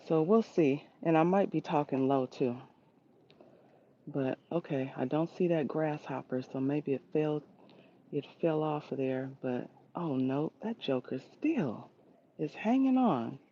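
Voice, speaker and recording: Walking through her backyard garden with her phone in hand, a woman hosts a relaxed livestream and says hello to viewers by name as she chats. She speaks low and a little slowly with a dark tone, over slight background noise and somewhat dull phone sound.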